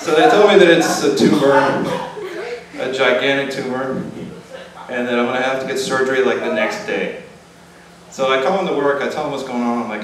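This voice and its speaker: A man's voice: mid-range voice, brisk, a crowd in the background. A young man doing a self-deprecating stand-up routine at an open mic night in a restaurant bar. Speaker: stand-up comedian. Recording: echoey room, distant mic, background noise.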